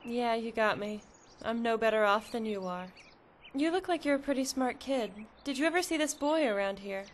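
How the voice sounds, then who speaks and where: A woman's voice: fairly high pitch, moderate pace, a little hiss or hum, close to an everyday voice. A woman voicing an earnest, pleading mother searching for her lost son in a dubbed drama. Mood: gentle.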